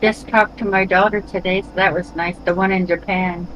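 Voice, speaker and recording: A woman's voice: on the low side, fairly even intonation, normal speed, a bit bright, a little hiss or hum, low-quality recording. A middle-aged woman chatting casually with friends while playing a game, often stopping and restarting her sentences. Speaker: streamer. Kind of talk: casual chat while gaming.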